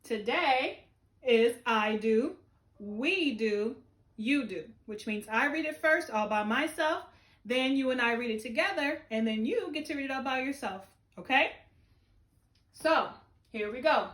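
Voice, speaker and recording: A woman's voice: high-pitched, expressive, normal speed, fairly bright tone. A woman teacher giving a remote phonics lesson to young children, with an encouraging, sing-song classroom delivery. She is recording from home. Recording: roomy echo.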